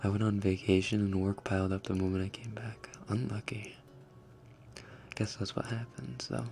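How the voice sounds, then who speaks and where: A young man hosting an ASMR livestream, reading chat in a soft, often whispered voice and chuckling as he tries out foreign words. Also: lowish voice, flat delivery, normal speed, gravelly, faint music behind. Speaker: livestream host.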